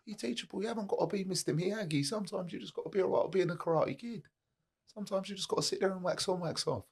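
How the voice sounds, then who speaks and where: This podcast guest talks fast, his gravelly, husky low voice carrying a darkish tone. He tells candid stories in an earnest, plain-spoken, motivational way, repeating himself to drive each point home.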